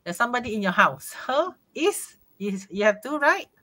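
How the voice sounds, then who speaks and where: A woman's voice: a little high, sing-song, normal speed, pushed and bright. A woman with a Malaysian English accent teaching a live online English lesson, encouraging students and explaining grammar step by step.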